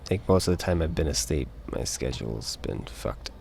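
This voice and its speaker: Casual male streamer with a Utah accent, very low and gravelly, unhurried and meandering. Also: expressive, a little mellow, slight background noise. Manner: rambling, halting, swears casually. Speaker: live streamer.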